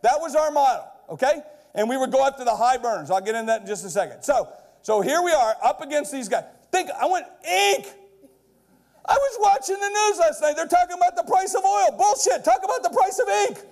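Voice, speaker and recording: Middle-aged man with a very high voice, brash stage speaker who builds to shouted punchlines. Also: lively intonation, brisk. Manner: keeps checking in with the crowd with "okay?". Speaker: keynote speaker. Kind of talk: energetic stage keynote. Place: large lecture hall before a live audience.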